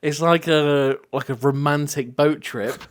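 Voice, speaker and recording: A young man, co-hosting a casual podcast and telling stories in an animated way, swearing freely as he goes. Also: a little high, a little slow, clean tone. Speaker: podcast co-host. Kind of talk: casual chat.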